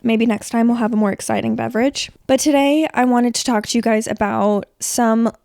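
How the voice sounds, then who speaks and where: Woman, mid-20s, podcast host. Casual, rambling, a touch under the weather; fairly high pitch, close dry recording. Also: fairly even intonation, normal speed, gravelly, a little mellow, dry recording. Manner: chatty, rambling, filler-heavy. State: sick, voice a little rough. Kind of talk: casual solo podcast chat. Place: bedroom.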